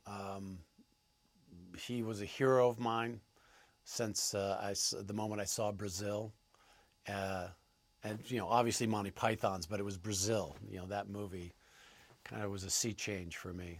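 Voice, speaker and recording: Male actor guest, low-pitched, halting and thoughtful delivery, dry close sound. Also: fairly bright tone, no room sound. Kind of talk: interview answers.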